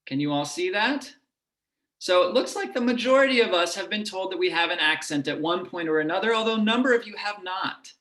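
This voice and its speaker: Man lecturing, lower Midwest accent. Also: lively intonation, fairly quick, fairly bright tone, roomy sound. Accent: lower Midwest American. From United States. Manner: explanatory, demonstrating vowel sounds. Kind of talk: online lecture.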